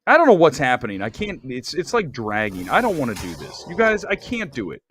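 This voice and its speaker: A man hosting a casual movie live stream, joking loudly and ranting in excitable bursts. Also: mid-range voice, fairly quick, slight background noise. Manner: loud, excitable, jokey rants. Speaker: host. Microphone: desk mic.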